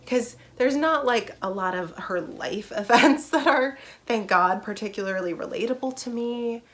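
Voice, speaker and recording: A woman's voice: fairly high pitch, moderate pace, a bit bright. Young woman rambling about books, bubbly, gushy, lots of little asides. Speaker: book vlogger. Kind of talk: casual book review chat.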